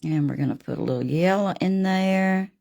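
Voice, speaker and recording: A woman hosting a live painting demo, chatting warmly with viewers by name as she works. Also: on the low side, normal speed, gravelly. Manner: homey and gushing, talks to viewers by name.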